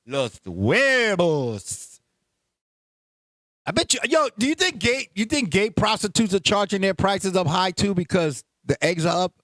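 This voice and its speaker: A man, hosting a casual show, loud and animated with lots of profanity. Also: sits high, brisk, few pauses, no room sound. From Puerto Rico heritage, New York. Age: 50s. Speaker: podcast host. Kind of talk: casual banter.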